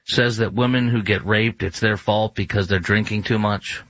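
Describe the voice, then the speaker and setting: Ranting indignantly from a studio in Dallas, a male talk show host speaks at a moderate pace in a lowish, fairly bright voice with fairly even intonation. His opinionated monologue is packed with fillers and restarts, and the studio recording is dull and dry.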